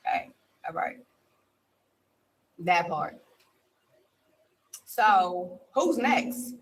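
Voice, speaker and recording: A man's voice: high voice, sing-song, extremely slow, a bit bright. A man reciting spoken word poetry and then hosting a poetry livestream with playful, slangy, welcoming banter. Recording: distant from the mic, faint background noise.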